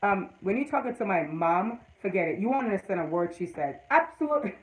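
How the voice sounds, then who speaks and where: A woman's voice: medium pitch, expressive, fast talker, low-quality recording. A woman from Jamaica with a Jamaican accent, casually chatting to viewers on her livestream and telling stories in a rambling, emphatic way. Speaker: livestream host.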